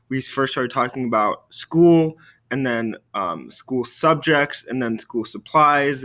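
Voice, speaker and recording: Male teacher voice, video lesson: steady explaining, slow drilled French phrases to repeat. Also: mid-range voice. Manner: upbeat classroom explaining.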